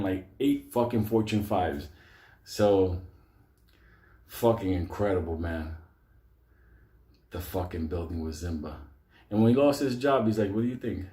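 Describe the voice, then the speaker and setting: Here a man with a mid-range voice spins profane, comic yarns about an old buddy, his words echoing in a reverberant room. He's lively, curses heavily, and laughs a lot as he goes.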